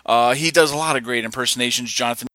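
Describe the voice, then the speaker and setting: A man's voice: mid-range voice, fast talker, sharp tone, no room sound, soft background music, rough recording. A man co-hosting a podcast, chatting in an enthusiastic, rambling way. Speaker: podcast co-host. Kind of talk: casual podcast chat.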